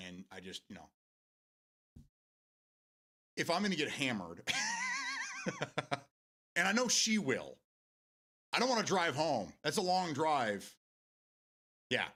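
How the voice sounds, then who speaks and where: An American man talks loosely to his live-stream audience, wandering from thought to thought and breaking into laughter often. His voice sits in a middle register but swings widely in pitch. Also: big pitch swings, measured pace, long pauses, bright, forceful tone. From United States. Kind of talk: casual chat with viewers.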